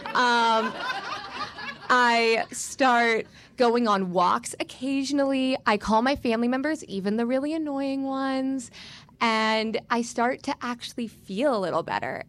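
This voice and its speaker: A young woman from Florida telling a personal story on stage, candid and self-mocking, acting out the quotes. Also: medium pitch. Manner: animated retelling with voiced quotes.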